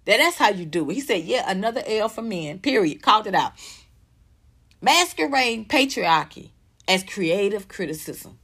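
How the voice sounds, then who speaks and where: A woman's voice: mid-range voice, big pitch swings, normal speed, a bit bright, husky. A woman in her fifties giving emphatic, outspoken pop culture commentary. She reads posts aloud, reacts to them and swears freely. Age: 50s. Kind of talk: animated commentary vlog.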